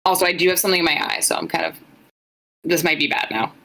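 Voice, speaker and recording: A woman's voice: lowish voice, fairly even intonation, quick pace, creaky, a bit bright, poor audio. Blunt young woman reading aloud. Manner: dry, blunt, joking. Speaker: podcast co-host. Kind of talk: casual live-stream chat, reading fan fiction aloud.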